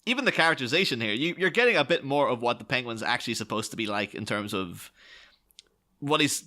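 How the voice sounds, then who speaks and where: A man's voice: medium pitch, lively intonation, fast talker, pushed and bright. A man co-hosting a podcast, chatting casually and rambling with lots of restarts. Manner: rambling, enthusiastic, many restarts. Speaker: podcast co-host. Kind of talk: casual film podcast chat.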